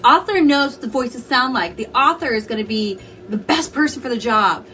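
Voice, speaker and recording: A woman with a high-pitched voice chats about her reading in a casual vlog. She is opinionated and animated, often slipping into little mock quotes to make her point. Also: normal speed, faint music behind. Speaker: book reviewer. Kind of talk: casual book review vlog.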